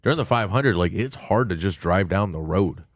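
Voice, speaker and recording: Very deep-voiced laid-back young man. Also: animated, normal speed, dry recording, clean studio sound. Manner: laid-back, laughs often while telling stories. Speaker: podcast co-host. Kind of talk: casual chat.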